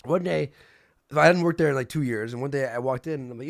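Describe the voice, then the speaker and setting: Gravelly animated man telling stories. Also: mid-range voice, quick pace, no echo, clean studio sound. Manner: animated storytelling, swearing, acts out quoted people. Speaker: stream host. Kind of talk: casual livestream chat.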